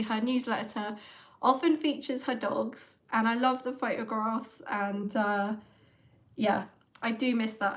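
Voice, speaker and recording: Lady rambling on her livestream, lots of ums, chatty. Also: mid-range voice. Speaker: livestream host. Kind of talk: casual chat about an author.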